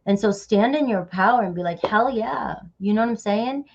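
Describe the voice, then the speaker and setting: A woman's voice: mid-range voice, fairly quick, a little mellow, lo-fi sound. A woman giving a casual tarot reading, chatty and loose, often dropping in "all right" and "okay". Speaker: tarot reader.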